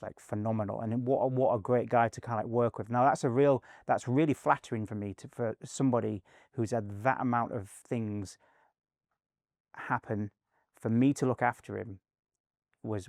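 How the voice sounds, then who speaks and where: A man's voice: medium pitch, normal speed, creaky, dry recording, clean studio sound. Rambling middle-aged man telling stories. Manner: rambling, many fillers and restarts, animated anecdotes. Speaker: guest, performance coach. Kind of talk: casual interview storytelling.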